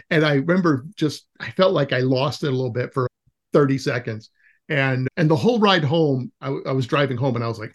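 A man with an easygoing, mid-range voice hosts a podcast conversation. he tells anecdotes with animated energy and laughs often. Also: mid-range voice, a little fast. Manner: laughs often, animated when retelling stories. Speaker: podcast host interviewing an educator. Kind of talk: casual conversational storytelling.

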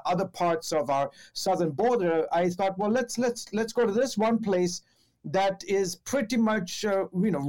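A man, a television reporter, telling a story in a casual podcast chat, with lots of fillers and restarts, and acting out the people he quotes. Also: a little mellow. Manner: acts out quoted exchanges with raised pitch.

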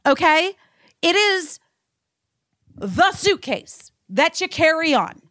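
A woman from the United States hosting a podcast, telling a story in a profane, animated rant. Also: very high voice, slow pace, no echo, clean studio sound. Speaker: podcast host. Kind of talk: casual podcast chat.

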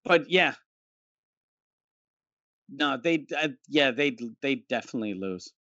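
A man chatting casually on a podcast, talking in halting bursts and restarting his sentences often. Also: medium pitch, expressive, sharp tone, no echo. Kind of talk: casual chat. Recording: dull lo-fi mic.

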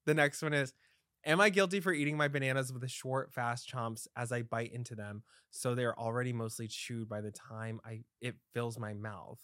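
A man's voice: mid-range voice, steady tone, moderate pace, a bit bright, no room sound, clean studio sound. A man hosting a podcast, chatting casually in a playful, teasing way. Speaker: podcast host. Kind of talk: casual chat.

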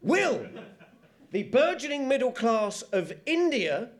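High-voiced man doing a wry stand-up bit. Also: animated, normal speed. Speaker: stand-up comedian. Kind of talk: stand-up set on a comedy panel show.

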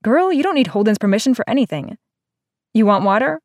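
A woman's voice: a little high, expressive, fairly quick, no echo, clean studio sound, voice pushed up. A woman voicing Inez, a sassy, blunt young woman who teases her friends. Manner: brash, teasing.

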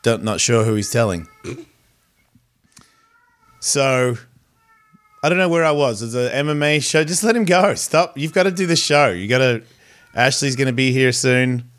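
A man's voice: mid-range voice, moderate pace, pauses often, a bit bright. A man hosting a podcast in casual chat, rambling, profane and easily sidetracked, recorded in a home studio. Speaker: podcast host. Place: home studio with a pet cat nearby.

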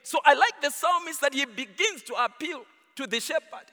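A high, bright male voice preaching in a church, swinging widely in pitch and sometimes half-singing his points. The sound rings with the long reverb of a large hall. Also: moderate pace. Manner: animated, rises and falls, half-sung emphasis. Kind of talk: sermon.

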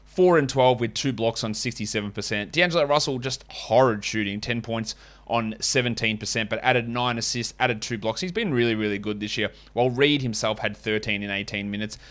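A man's voice: medium pitch, a little fast, fairly bright tone. A man hosting a fantasy basketball podcast, chatting casually and reading ads with wry, rambling asides. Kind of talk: casual podcast chat and host-read ads.

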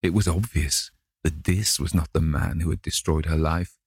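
A man narrating a classic novel in a measured, dramatic reading. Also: rumbling low, steady tone, husky, no room sound, clean studio sound. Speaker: audiobook narrator.

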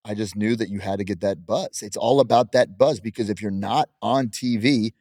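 This man in his thirties is a pro wrestler, bragging brashly and laughing frequently as he chats casually in an interview. He speaks at a normal speed in a fairly low, darkish voice, captured in studio quality with no room sound.

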